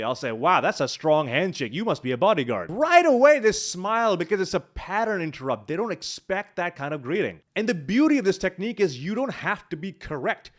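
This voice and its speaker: A man coaching viewers on how to speak, his voice a touch high and swinging widely in pitch. He teaches through live examples into a large studio microphone at a home video setup. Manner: animated, walks through examples on the spot. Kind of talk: instructional YouTube talk.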